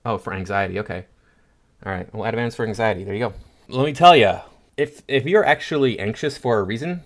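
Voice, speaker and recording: A man hosting a political commentary show, reading posts aloud and answering them with scoffing sarcasm. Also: on the low side.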